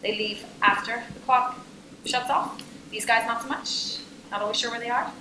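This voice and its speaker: A young adult woman giving a lively, jokey business workshop talk to a conference audience and asking them questions. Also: fairly high pitch, normal speed, echoey room, noisy background. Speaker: conference speaker. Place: conference room.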